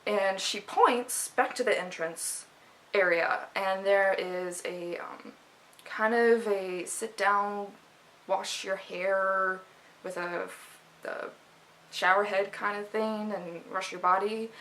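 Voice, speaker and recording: Young woman vlogger, casual and animated storyteller, mid-range voice. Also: mid-range voice, slow, poor audio. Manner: chatty, animated, many fillers and restarts.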